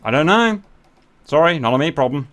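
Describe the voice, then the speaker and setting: A man commentating a simulated naval battle to his viewers, animated and jokey, swearing as things go wrong. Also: fairly high pitch, brisk. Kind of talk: excitable game commentary.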